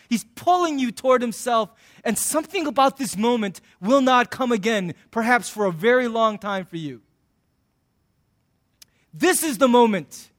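High-voiced pastor preaching with humor. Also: male voice, fairly bright tone. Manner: conversational and joking, acting out little scenes. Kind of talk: sermon.

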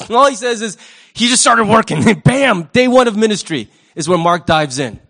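A male pastor delivering a lively sermon, his voice sitting high for a man. He keeps it conversational and humorous, asking the congregation questions and slipping into quick character voices. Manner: conversational, asks the audience questions.

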